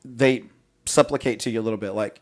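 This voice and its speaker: A man's voice: mid-range voice, fairly quick. A young man, a podcast host, telling a long story in casual chat, full of swearing and fillers, and slipping into voices for the people he quotes. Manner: animated, profane storytelling, mimics people he quotes.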